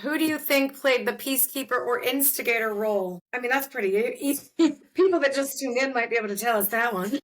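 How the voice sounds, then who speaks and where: A woman hosting a podcast in casual chat, animated and heartfelt, laughing often as she talks. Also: a little high, brisk. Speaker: podcast host.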